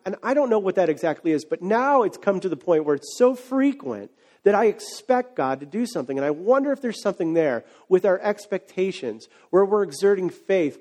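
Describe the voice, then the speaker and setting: A male pastor with a high-pitched voice delivers a sermon. He speaks casually and conversationally, with lively asides, and builds to fervent, emphatic preaching.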